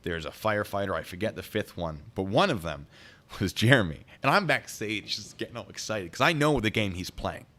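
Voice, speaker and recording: A man telling a story on a live stream, excitable and rambling. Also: lowish voice, a little fast.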